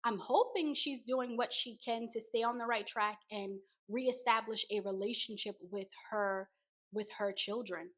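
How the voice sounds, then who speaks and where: Higher-voiced woman recapping a show. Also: steady tone, a little slow. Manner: retells scenes with quoted dialogue, conversational and reflective. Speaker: reality show recap host. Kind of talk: casual commentary recap.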